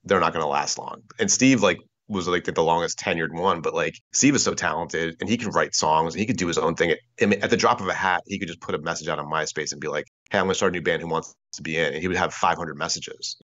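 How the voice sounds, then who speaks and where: A man's voice: sits low, fast talker, few pauses, fairly bright tone. A man in his forties, chatting casually as a podcast guest over a video call, rambling with lots of filler words and swearing freely. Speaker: podcast guest, former bandmate. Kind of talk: casual reminiscing chat. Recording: dull lo-fi internet call audio.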